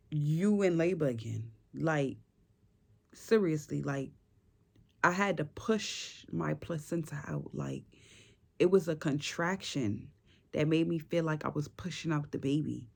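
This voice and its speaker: A young woman telling a personal story in a casual, animated and chatty way, full of slang and fillers. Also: low voice, creaky. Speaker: vlogger.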